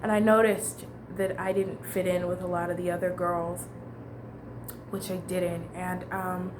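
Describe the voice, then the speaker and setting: A woman's voice: on the low side, level tone, a little slow, noisy background. A young adult woman telling a casual storytime monologue, candid and rambling, restarting her sentences and swearing freely. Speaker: vlogger.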